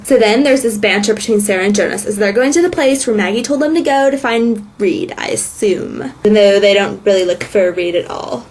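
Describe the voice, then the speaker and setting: A woman's voice: mid-range voice, fairly quick, hardly any pauses, darkish tone, a little hiss or hum. Snarky woman recapping a web series. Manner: sarcastic, snarky; valley-girl style speech. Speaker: vlogger. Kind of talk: casual recap vlog.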